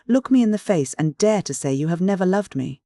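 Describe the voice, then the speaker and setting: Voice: medium pitch, lively intonation, brisk, dark tone, no echo, voice pushed up, lightly acted. A lovesick Victorian poet in a storybook reading, pleading one moment and indignant the next, played by the reader. The reading is close and dry. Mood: demanding. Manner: stammering, pleading. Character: earnest Victorian poet suitor, wounded and angry.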